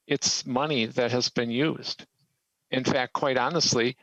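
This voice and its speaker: A man's voice: medium pitch, fairly bright tone, no room sound, muffled recording. A man who owns a small business, giving earnest, emphatic testimony to a legislative committee. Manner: earnest and emphatic, pressing his point. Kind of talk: formal testimony, pleading a case.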